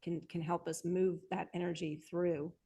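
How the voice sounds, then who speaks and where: A woman's voice: fairly low pitch, flat delivery, normal speed, warm tone, breathy edge. A woman hosting an interview, responding enthusiastically and building on her guest's points with many restarts. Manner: enthusiastic, affirming, rambling restarts. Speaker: podcast host. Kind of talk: conversational interview.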